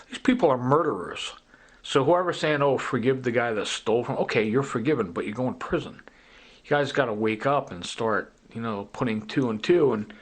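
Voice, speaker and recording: A man's voice: medium pitch, fairly bright tone. A man in a ranting vlog monologue, agitated and accusing, repeating his points. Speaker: vlogger.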